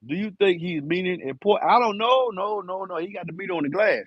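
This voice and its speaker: A man in his fifties hosts a live stream and builds enclosures, chatting loosely and rambling in slang. His voice sits high and slightly rough, and he talks briskly with hardly any pauses. The recording is dry, with no echo.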